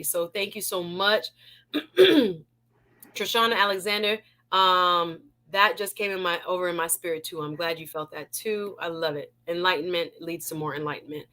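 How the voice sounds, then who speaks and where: A Jamaican woman hosting a live online talk show, playful and laughing as she greets viewers in the chat. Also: fairly low pitch. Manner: lively and playful, laughs often, shout-outs to chat.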